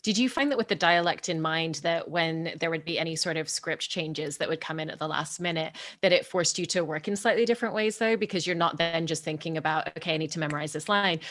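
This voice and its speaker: A woman's voice: sits low, a bit bright. A woman moderating an interview, asking long, carefully built questions.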